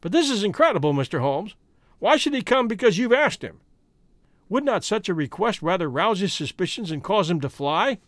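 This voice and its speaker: A man's voice: high voice, sing-song, normal speed, no echo, studio quality. A man voicing an anxious, doubting male police inspector who keeps questioning. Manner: worried and questioning.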